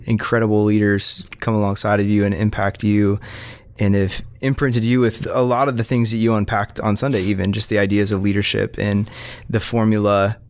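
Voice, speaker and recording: A man's voice: fairly low pitch, little pitch movement, normal speed, no room sound. A male pastor hosting a podcast, asking his guest easygoing, conversational questions.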